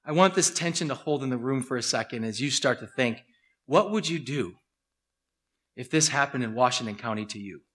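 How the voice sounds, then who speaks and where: A man preaching a sermon, animated and acting out scenes. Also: mid-range voice, a little fast. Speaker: pastor.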